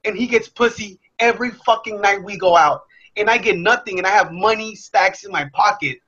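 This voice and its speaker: Young guy swearing a lot, high bright voice, kinda husky, muffled lo-fi audio. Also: brisk. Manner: profane, blunt, animated, acts out his past self. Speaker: motivational speaker. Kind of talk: candid personal storytelling. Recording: dull lo-fi sound.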